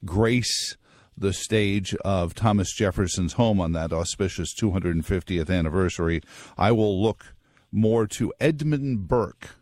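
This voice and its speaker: Low-pitched male talk radio host, dry studio mic, wry digressive monologue with quick jokes. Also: darkish tone, no room sound.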